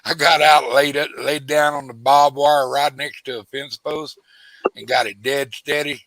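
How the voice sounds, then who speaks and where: A man spins a rambling hunting tale, stumbling over restarts as he goes. His voice is bright and forward, recorded dry and close. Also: fairly high pitch, steady tone, unhurried, dry recording, low-quality recording. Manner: rambling storyteller with frequent restarts, acts out quoted voices. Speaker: host. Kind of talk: casual hunting story chat.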